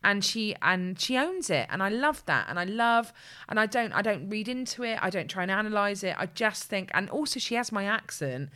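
A woman chatting casually as a podcast co-host, telling animated stories with restarts and stammers. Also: medium pitch, normal speed, hardly any pauses. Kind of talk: casual chat.

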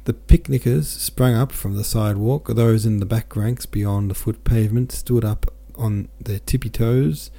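Gravelly, dark-voiced man reading aloud. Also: on the low side, steady tone, measured pace, few pauses. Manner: plain reading with small stumbles, casual sign-off. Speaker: podcast host and audiobook reader.

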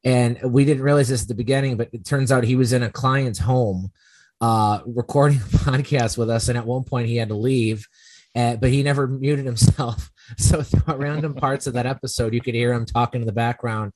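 A man hosts a relaxed podcast from a home setup. His voice sits in a middle register, and it is recorded dry and close, with almost no room sound. He talks in loose, rambling stretches and circles back to fix what he said. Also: mid-range voice, brisk, no room sound. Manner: rambling, self-correcting storyteller. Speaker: podcast host. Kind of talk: casual podcast chat.

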